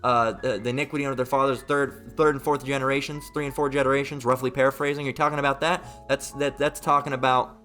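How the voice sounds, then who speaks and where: A man's voice: medium pitch, flat delivery, fast, few pauses, fairly bright tone, soft background music. A man giving a heated Bible commentary, mocking, profane and repetitive as he reads and rants. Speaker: Bible teacher.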